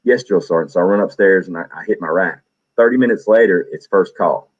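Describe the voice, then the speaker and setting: A man hosting a stream, casually telling animated stories and acting out the people he quotes. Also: low voice, brisk, muffled recording. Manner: animated, acts out quoted voices. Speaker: stream host. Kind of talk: casual storytelling.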